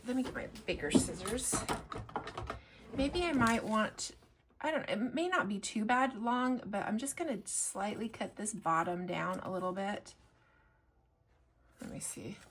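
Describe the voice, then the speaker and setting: A woman talking through a crafting tutorial in a chatty, rambling way, with many fillers and restarts, now and then going soft while she works. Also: mid-range voice, background noise. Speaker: collage artist and shop owner.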